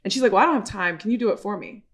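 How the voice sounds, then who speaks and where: A woman's voice: medium pitch, very fast. A woman in the guest seat of a casual podcast chat. She tells her story with energy, acting out each exchange in quoted voices and dropping the odd swear word. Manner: animated, acts out quoted dialogue, swears casually.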